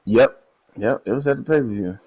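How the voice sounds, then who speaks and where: A man's voice: mid-range voice, brisk, a little mellow, slightly rough. A man chatting casually with a friend on a live game stream, laid-back and slangy. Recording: dull, lo-fi mic.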